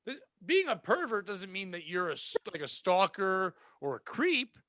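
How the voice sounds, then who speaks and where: A man co-hosting a comedy podcast, trading crude jokes in animated banter and laughing often. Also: high voice, normal speed, slight background noise. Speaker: podcast co-host.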